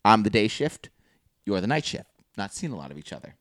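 A man's voice: on the low side, very animated, a little fast, a bit bright, no room sound, clean studio sound. A young adult man, co-hosting a podcast, telling rambling profane stories and laughing at his own jokes. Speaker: podcast co-host. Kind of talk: casual chat, storytelling.

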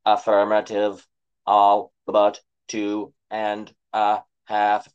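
A man voicing a friendly hipster robot who talks in a slow, flat, mechanical way. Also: on the low side, clear, resonant tone, dull audio. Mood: deadpan.

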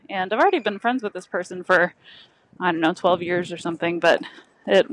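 A woman's voice: medium pitch, low-quality recording. A woman chatting casually as a podcast co-host, laughing often. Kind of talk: casual chat.

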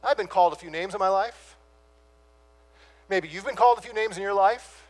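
Preacher, male, high voice; pauses hard on key words, questions the congregation. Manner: asks the listeners rhetorical questions; dramatic pauses on key words, then rushes on. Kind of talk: sermon.

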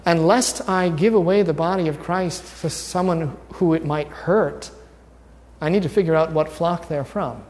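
With a somewhat high, darkish voice and a measured pace, a pastor gives a conversational teaching sermon, informally and wryly quizzing the congregation. Long church reverb surrounds him in the sanctuary.

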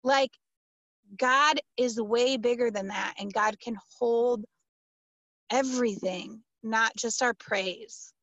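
Woman, pastor, animated storyteller, emphatic, slightly high voice, dry close sound. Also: slow pace, dry recording, highs cut off. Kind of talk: conversational interview answer.

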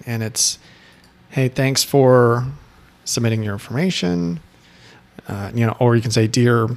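A man's voice: mid-range voice, vocal fry. A man giving casual advice to insurance agents, talking loosely, restarting sentences and acting out sample texts and calls. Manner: conversational, restarts sentences, acts out sample lines. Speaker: insurance sales coach.

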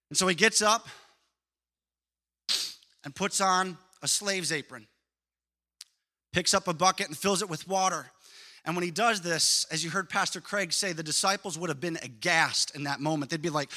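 A man preaching a sermon as a pastor, lively and emphatic, telling stories. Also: high voice, moderate pace, pauses often.

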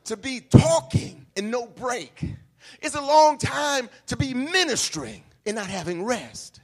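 A pastor preaching a sermon, shifting from quiet talk to shouted, sing-song peaks. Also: male voice, high voice.

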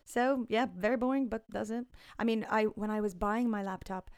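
A young Irish woman in her twenties telling stories in a casual chat, lively, with bits of acted dialogue. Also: mid-range voice, normal speed, clear, resonant tone, no room sound, clean studio sound. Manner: animated storyteller, slips into whispers and put-on voices. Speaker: guest.

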